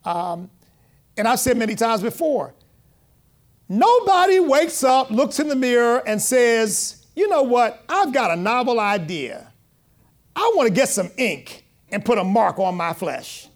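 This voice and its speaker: High-voiced man preaching a sermon. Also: unhurried. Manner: conversational preaching with call-and-response amens; animated, rising loud when quoting. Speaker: pastor.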